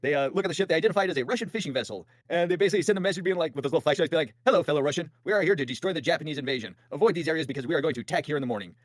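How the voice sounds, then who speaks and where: A man's voice: a little high, no room sound. A man hosting a podcast, telling a history story in casual chat with jokey voiced asides. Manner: fast, animated, jokey retelling with voiced asides. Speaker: podcast host.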